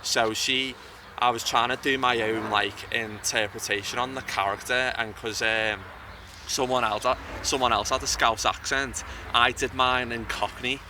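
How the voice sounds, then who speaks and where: A man's voice: medium pitch, steady tone, unhurried. A young man being interviewed outdoors about acting, talking casually and often restarting his sentences. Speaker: interview guest, actor and YouTuber. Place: outdoors by a bridge. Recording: from a distance, with faint outdoor noise.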